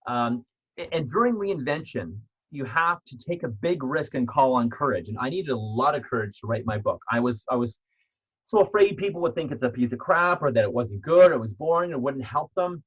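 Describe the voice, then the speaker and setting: A man's voice: mid-range voice, lively intonation, fairly quick, breathy edge, dull audio. A man giving a motivational self-help talk as author and speaker, earnest and repetitive, often restarting his sentences.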